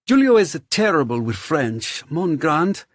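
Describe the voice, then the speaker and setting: A man's voice: on the high side, big pitch swings, measured pace, no room sound, clean studio sound, voice pushed up. A man voicing a flamboyant, effusive male host with a sing-song, theatrical delivery in an audiobook. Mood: playful. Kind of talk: audiobook character voice.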